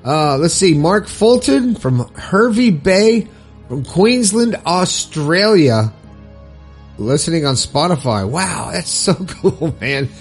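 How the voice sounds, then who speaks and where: A man's voice: on the high side, sing-song, takes it slowly, soft background music. A man hosting his own podcast in a casual, upbeat and rambling way, with lots of fillers and frequent laughs. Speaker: podcast host. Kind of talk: casual solo podcast talk.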